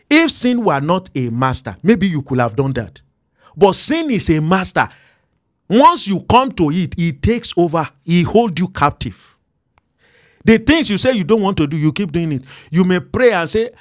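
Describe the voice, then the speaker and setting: A man hosting a daily devotional podcast as a pastor, preaching earnestly and slowing down to stress key words. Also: sits high, big pitch swings, no echo, clean studio sound.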